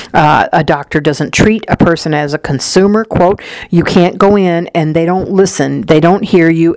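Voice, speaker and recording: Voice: mid-range voice, no room sound, poor audio. Examiner dictating a report, full of fillers. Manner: reads aloud with frequent uh and um fillers; speaks punctuation aloud, matter-of-fact. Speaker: clinical examiner.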